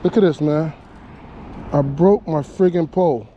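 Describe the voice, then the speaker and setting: Excited man fishing outdoors, higher voice. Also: measured pace, highs cut off, a little hiss or hum. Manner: excited, drawling, repeats phrases. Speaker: fishing vlogger. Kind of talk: casual outdoor fishing commentary. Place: outdoors on the water.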